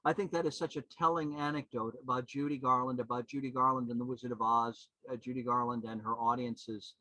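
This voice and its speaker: A man in his seventies, a podcast guest and historian, telling anecdotes in an animated, rambling way with many restarts. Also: medium pitch, brisk, no room sound, low-quality recording. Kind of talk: anecdotal storytelling.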